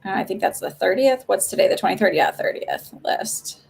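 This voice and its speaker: Woman, live-stream psychic reader, mid-pitched voice with vocal fry, chatty and reassuring. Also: animated, moderate pace, a little mellow. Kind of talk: casual live-stream reading.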